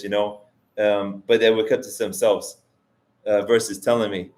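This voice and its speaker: A man's voice: lowish voice, level tone, normal speed, darkish tone. A man hosting a live stream, talking casually and rambling with restarts and fillers as he answers chat. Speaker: vlogger host reading live chat.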